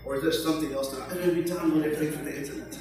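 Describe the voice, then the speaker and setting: An older man preaching a sermon, slow and emphatic, with joking asides. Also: on the high side, fairly even intonation, music in the background. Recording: echoey hall from far off.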